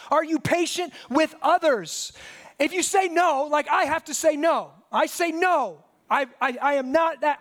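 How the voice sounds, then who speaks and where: High-pitched pastor guy in his 30s, preaching, lots of questions, lively stories. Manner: animated storytelling with rhetorical questions. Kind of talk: sermon.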